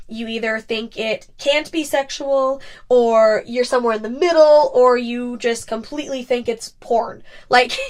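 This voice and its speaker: A woman's voice: high-pitched, a bit bright. A young woman hosting a podcast, talking candidly and expressively in a casual monologue, sometimes teasing. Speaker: podcast host and ASMR creator.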